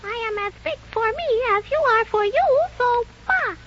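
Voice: extremely high pitch, expressive, normal speed, fairly bright tone. An actor playing a grouchy, boastful squirrel who taunts in sing-song rhymes, in 1930s radio drama style. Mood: taunting. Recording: muffled old radio recording, faint hiss.

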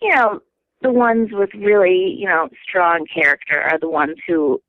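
A woman's voice: on the low side, animated, moderate pace, no room sound. A woman in casual conversation, telling stories and acting out quotes with swearing. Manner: chatty storyteller, acts out quotes with swearing. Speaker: conversation partner. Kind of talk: casual chat. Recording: tinny phone-like dry sound.

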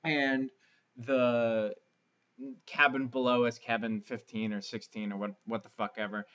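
A man's voice: mid-range voice, little pitch movement, a little slow, a bit bright. A young man co-hosts a podcast, telling crude stories in a loose, rambling way full of fillers. The recording sounds slightly dull. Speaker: podcast co-host. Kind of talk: casual comedic chat.

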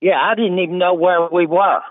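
A man's voice: sits high, steady tone, normal speed, no room sound. An older man calling in to a radio show, rambling in a folksy way. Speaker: caller. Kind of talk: phone-in chat. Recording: tinny phone line.

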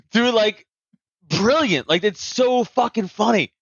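A man chatting casually on a podcast, profane and animated, acting out comedians' jokes with a raised voice. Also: sits high, husky, no room sound, dull audio. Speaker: podcast host.

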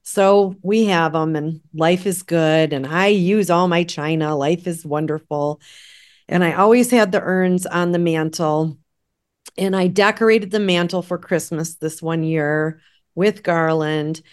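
A woman in casual conversation, telling a personal story in an animated way and acting out the dialogue. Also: fairly low pitch, measured pace. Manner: animated, acts out quoted dialogue. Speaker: guest sharing a story.

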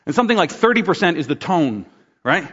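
A man's voice: fairly high pitch, sing-song, fast, a bit bright, slightly rough. A middle-aged man, a pastor, delivering a conversational sermon with acted-out asides. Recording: dull sound in a large reverberant room.

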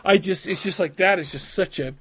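A man's voice: high voice, a little fast, a bit bright, husky. A man co-hosting a casual podcast chat, talking in rambling bursts with lots of restarts and laughs. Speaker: podcast co-host.

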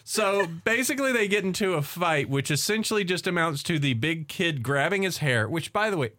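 A man with a bright, slightly high voice talks through a movie's plot in loose, joking podcast chat. He rambles with fillers as he retells scenes. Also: expressive, brisk. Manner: recaps the plot in a jokey, rambling way. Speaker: podcast co-host. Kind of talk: casual movie recap chat.

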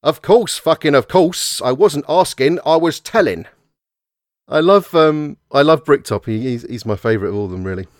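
Profane, joking English podcast host. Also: male voice, fairly high pitch, lively intonation, normal speed, no echo, studio quality. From England. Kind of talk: casual podcast chat.

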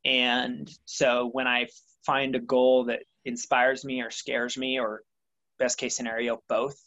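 A man's voice: mid-range voice, little pitch movement, unhurried, fairly bright tone, dull audio. A young adult man answering interview questions about his motivation, thoughtful and rambling with many fillers. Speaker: interview guest, triathlete. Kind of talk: reflective conversational interview.

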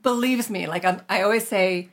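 Chatty woman podcast host. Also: medium pitch. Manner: chatty, laughs easily, quick asides. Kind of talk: casual podcast chat.

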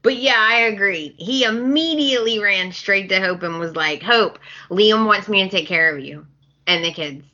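A woman's voice: medium pitch, normal speed, pushed and bright, highs cut off. A woman co-hosting a podcast, recapping a soap opera in casual chat and acting out the characters' lines with laughter. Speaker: podcast co-host.

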